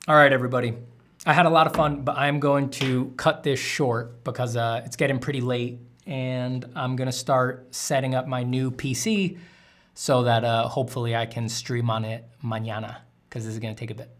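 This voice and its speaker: A man's voice: mid-range voice, little pitch movement, normal speed, fairly bright tone. A man, an artist streaming while drawing, answering chat questions in a candid, rambling way with casual swearing.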